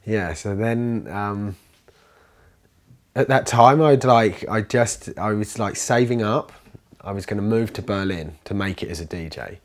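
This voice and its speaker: Guy, lowish voice, rambly storyteller, lots of likes and restarts. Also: measured pace. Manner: rambling, animated, many fillers and restarts. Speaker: interviewee, commune resident. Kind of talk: casual storytelling interview.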